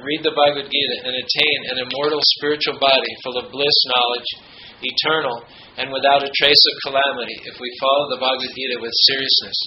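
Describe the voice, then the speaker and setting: A man giving a spiritual talk, reading quotes with firm emphasis and slipping into a halting, filler-laden storytelling voice. The voice sits at a middle pitch in a roomy space, slightly muffled, with steady background noise. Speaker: spiritual speaker. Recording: roomy, dull, noisy ambience.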